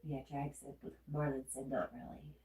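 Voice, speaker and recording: A woman's voice: extremely low pitch, little pitch movement, normal speed, dark tone, roomy sound. A woman with a Southern accent and a stuffy nose, casually chatting as a livestream host and reading viewer comments aloud. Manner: chatty, reads comments aloud and answers them.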